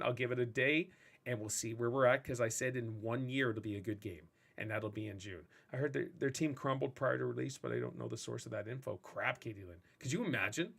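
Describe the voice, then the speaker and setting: A man hosting a casual gaming podcast, ranting in a rambling, animated way. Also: mid-range voice, fairly quick, creaky. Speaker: podcast host and streamer.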